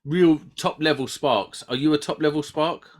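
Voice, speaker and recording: A podcast host with a fairly high-pitched voice chats about his trade at a normal speed. The talk is casual and full of joking banter, rambling along with restarts.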